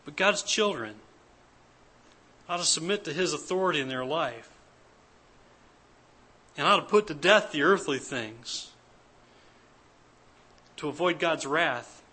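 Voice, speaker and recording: A man's voice: fairly high pitch, lively intonation, unhurried, long pauses, bright, forceful tone, slightly rough. A man preaching an earnest, emphatic church sermon as pastor, repeating his key points. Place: church service.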